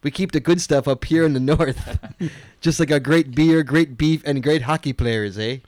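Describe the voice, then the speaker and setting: A man's voice: fairly high pitch, moderate pace, darkish tone, no echo, lightly acted. A man reading a listener's email in a put-on mock Canadian accent, voicing a cheeky, chatty Canadian writer who keeps adding "eh". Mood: teasing. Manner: jokey, teasing, heavy on "eh".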